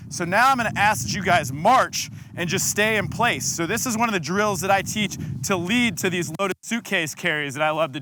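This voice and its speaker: A man coaching a group through a follow-along kettlebell workout, giving energetic cues and counting down the seconds. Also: sits high, noisy background. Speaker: fitness coach.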